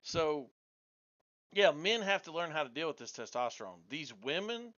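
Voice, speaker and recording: A combative man argues bluntly in a heated debate, his voice bright and a touch high. He talks over the others and keeps pressing his point. The sound is dull and lo-fi. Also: sing-song, normal speed. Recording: dull lo-fi audio.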